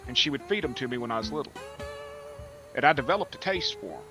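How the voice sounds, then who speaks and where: A man's voice: medium pitch, animated, fast talker, over music. A man casually chatting during a gaming livestream, rambling through folksy, profane stories. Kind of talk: casual gaming stream chat.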